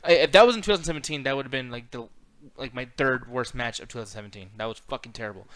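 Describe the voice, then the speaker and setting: A man's voice: medium pitch, very fast, a bit bright. A man co-hosting a casual review chat, ranting and swearing freely. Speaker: co-host.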